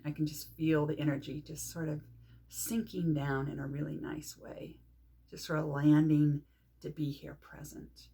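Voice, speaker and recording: Middle-aged woman, husky and breathy, calm meditation guide who takes her time. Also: deep voice. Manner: calm, unhurried, speaks with pauses and soft fillers. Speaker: meditation teacher.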